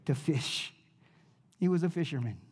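A male pastor preaching a sermon in a relaxed, conversational way, leaning on slang. His voice sits a little high yet sounds warm and mellow, and he swings from loud to near-whispered passages as he tells the story. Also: moderate pace, slightly rough. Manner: casual, uses slang like dude and man.

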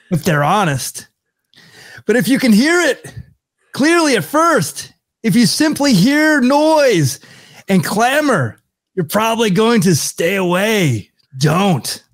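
A man voicing a fervent male church preacher, reading with a drawn-out revival-sermon delivery. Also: extremely high pitch, pitched above the performer's own voice, full character voice. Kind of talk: dramatic reading in a put-on voice.

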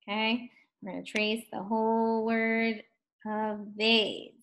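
Female first grade teacher, slow and stretched out, a bit high, gently encouraging. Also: flat delivery. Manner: slow, drawn-out words sounded out for children; gentle, encouraging questions to young learners. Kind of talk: distance learning phonics lesson.

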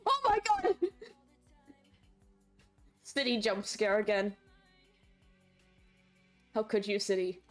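A woman streamer chatting casually with her viewers during a game livestream, rambling and excitable, quick to shriek and laugh. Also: mid-range voice, faint music behind.

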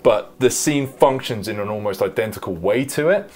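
A man co-hosting a film podcast, talking in a loose, rambling way with some swearing and quick agreements. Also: fairly low pitch, animated, a little mellow. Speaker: podcast co-host reviewing films. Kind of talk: casual chat.

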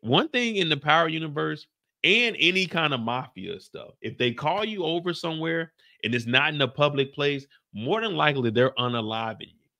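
A man's voice: fairly high pitch, normal speed. A young man hosting a casual reaction show, recapping an episode and acting out scenes in voices. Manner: animated, acts out scenes in voices.

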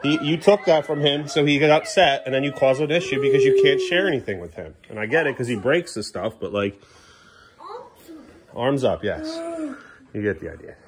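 Medium in pitch and very animated, this man's delivery is brisk. In a relaxed home vlog set in the kitchen, he's a dad narrating while caring for his children, first gently persuading them, then laying down the law, with conversational remarks tossed to the camera in between.

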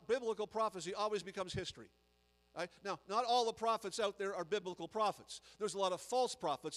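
A man's voice: sits high, a bit bright, in a large hall, poor audio. A man, a guest preacher, delivering an emphatic sermon full of repetition and rising intensity.

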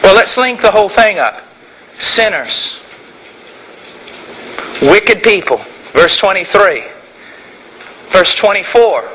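A male preacher delivers an impassioned sermon, dropping low and slow before climbing into fervent shouts. His voice sits high and rings bright. A faint hiss runs underneath. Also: expressive, poor audio. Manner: impassioned, swings from quiet to shouting.

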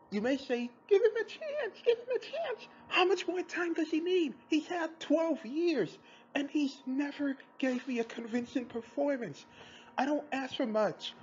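A woman's voice: on the high side, darkish tone, lo-fi sound, a little hiss or hum. A woman hosting a podcast, giving a blunt, sarcastic and exasperated review. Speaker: podcast host. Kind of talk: opinionated review commentary.

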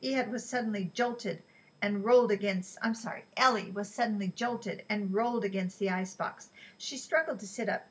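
A woman reading a novel aloud in an even, unhurried way, with small slips she corrects. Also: medium pitch, husky, low-quality recording. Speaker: reader.

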